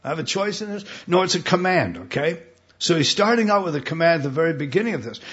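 American man, pastor giving a sermon, emphatic, slightly high voice, muffled lo-fi sound. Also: big pitch swings, fast, fairly bright tone. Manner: emphatic, repeats words, asks the congregation questions. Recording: dull lo-fi recording.

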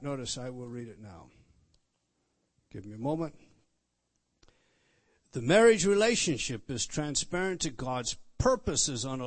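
A man, a pastor preaching a sermon as he walks through a text, repeating words and stressing key points. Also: medium pitch. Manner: repetitive, emphatic teaching, pointing out words on a text. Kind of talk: expository sermon.

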